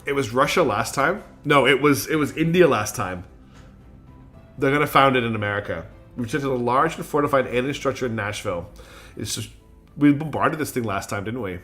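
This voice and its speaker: A man's voice: mid-range voice, fairly quick, a bit bright, faint music behind. Tired, rambling male game streamer. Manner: rambling, chatty, self-mocking with many fillers. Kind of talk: casual gameplay commentary.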